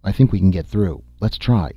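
A man reading an audiobook, voicing a steady, grim male expedition leader with a firm, commanding delivery. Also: low-pitched, moderate pace, breathy edge, no room sound, highs cut off, faint music behind.

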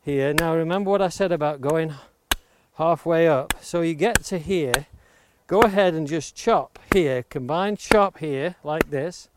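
Outdoors by the coast, a man with a fairly high-pitched voice leads a hands-on woodcarving tutorial, walking through each step of shaping a wooden blank with an axe and emphasizing safety. The sound of axe chops and clicks comes through clearly in the background.

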